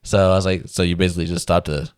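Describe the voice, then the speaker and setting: A man's voice: sits low, little pitch movement, racing, smooth, no echo, studio quality. A man casually telling a survival story as a podcast guest, laid-back, laughing often and acting out what people said.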